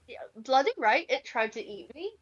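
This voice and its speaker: A woman's voice: high-pitched, expressive, normal speed, highs cut off. A woman voicing a tiny male fey knight in a tabletop game, prideful and easily flustered.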